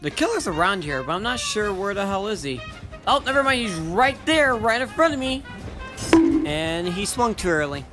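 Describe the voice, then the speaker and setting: Young gamer yelling and cursing at the enemy, voice jumping all over, some music in the background. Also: mid-range voice, moderate pace. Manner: excitable, swears a lot, taunts the enemy. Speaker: gamer doing live commentary. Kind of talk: casual gameplay commentary.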